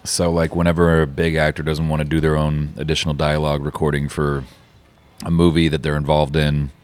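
A man's voice: very deep voice, level tone, a little mellow. A man who is a voice-matching actor, chatting casually and laughing easily as a guest. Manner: laughs easily, quick reactions. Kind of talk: casual chat.

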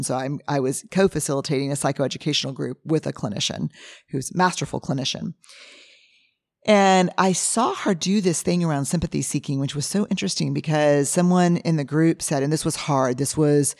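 A hoarse woman hosting a podcast, telling animated stories in a casual monologue and acting out what people said. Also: sits low, no room sound, studio quality. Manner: animated storyteller who acts out quotes, with frequent restarts. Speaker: podcast host and researcher. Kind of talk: casual monologue answering listener questions.

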